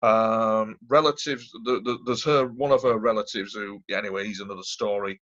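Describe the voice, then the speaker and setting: A man's voice: lowish voice, steady tone, moderate pace, fairly bright tone. A man, a guest telling a long personal story in a rambling, emphatic way, repeating himself. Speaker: interview guest. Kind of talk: casual storytelling. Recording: dull lo-fi audio.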